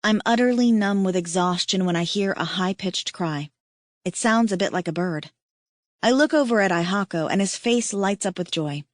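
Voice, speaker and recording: A woman narrating a romance audiobook in first person, steady and intimate. Her voice sits at a middle pitch on a close mic. The sound is dry, with no room around it. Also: normal speed, dry recording.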